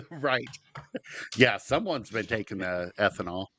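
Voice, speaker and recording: A man's voice: mid-range voice, sing-song, takes it slowly, a bit bright. A man co-hosting a comedy podcast, reading out news stories and laughing easily. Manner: laughs easily, reads headlines aloud. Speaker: podcast co-host.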